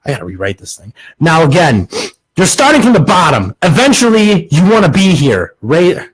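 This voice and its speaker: Young male podcast host, husky and fairly high, sarcastic comic monologue. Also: big pitch swings, fairly quick, low-quality recording. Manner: crude, sarcastic, restarts lines.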